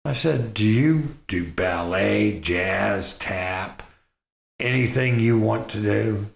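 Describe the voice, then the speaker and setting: A middle-aged man casually telling a personal story in a rambling, halting way, full of restarts and fillers. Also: on the low side. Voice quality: gravelly. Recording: roomy echo.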